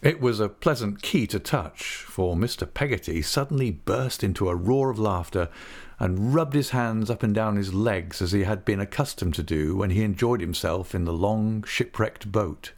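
A man narrating a classic novel in the first person, measured and even. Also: fairly low pitch. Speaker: audiobook narrator.

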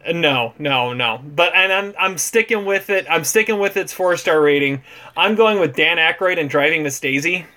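A man's voice: on the high side, lively intonation, moderate pace, bright, forceful tone. A man co-hosting a casual movie podcast, laughing often and repeating himself as he talks. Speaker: podcast co-host.

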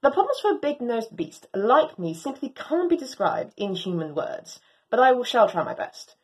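A woman's voice: a little high, moderate pace. A woman playing a proud, swooping Doberman dog. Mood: indignant. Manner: animated, swooping, theatrical. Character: proud excitable female Doberman dog, grown. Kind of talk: storytelling reading.

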